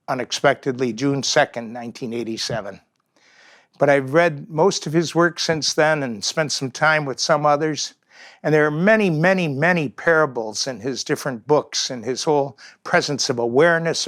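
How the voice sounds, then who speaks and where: An older man giving a gentle, reflective talk with pauses. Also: on the high side, no room sound, clean studio sound. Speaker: speaker in a talk series on aging.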